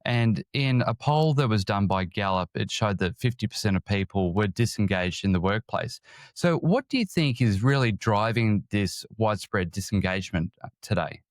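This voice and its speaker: A man hosting a podcast interview, asking questions in a measured, deliberate way. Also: lowish voice, animated, dry recording, studio quality. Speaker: podcast host.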